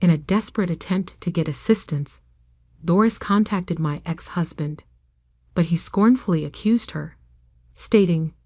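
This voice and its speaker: A woman with a lowish voice reads a first-person story aloud. Her delivery is even and steady. The sound is dry and close, with no room echo. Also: measured pace. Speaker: narrator.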